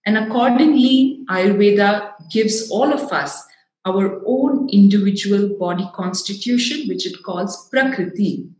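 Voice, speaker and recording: A woman with a South Indian English accent gives an earnest, emphatic talk, explaining step by step. Her voice sits at a middle pitch and rings through an echoey hall. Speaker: speaker giving a talk. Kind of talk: public talk.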